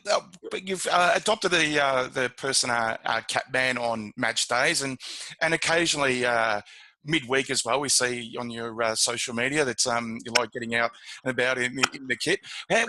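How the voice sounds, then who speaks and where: A man's voice: mid-range voice, normal speed, pushed and bright, no room sound. A man hosting a podcast, asking friendly, hesitant questions with frequent ums. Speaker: podcast host. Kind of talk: casual interview. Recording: noisy podcast recording.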